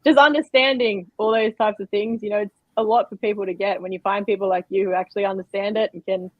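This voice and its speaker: A woman's voice: medium pitch, steady tone, fast, a little hiss or hum. A woman with a thick Australian accent hosting a casual livestream chat, talking through many fillers. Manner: warm, grateful, rambling with fillers. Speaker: livestream host. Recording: dull dry stream audio.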